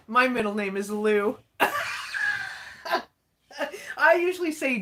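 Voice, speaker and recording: A woman's voice: a little high, takes it slowly, pauses often, fairly bright tone, slight background noise. A woman from Alberta hosting a casual livestream while crafting, chatty and folksy, laughing often. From Alberta, Canada. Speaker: livestream host.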